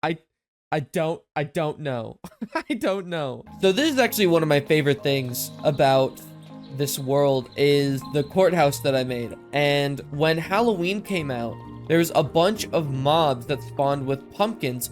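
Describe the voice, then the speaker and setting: A man's voice: fairly high pitch, lively intonation, moderate pace, faint music behind. A man giving casual, rambling game commentary, easily amused, his esses sounding a bit lisped through his microphone filters. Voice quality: lisp-like sibilance from mic filters. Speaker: gaming commentator. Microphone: desk mic with processing filters.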